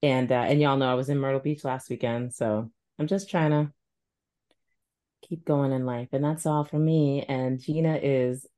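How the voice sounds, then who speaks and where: A woman co-hosting a podcast in casual chat, relaxed and rambling, often trailing off quietly. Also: a bass voice, normal speed. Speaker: podcast co-host.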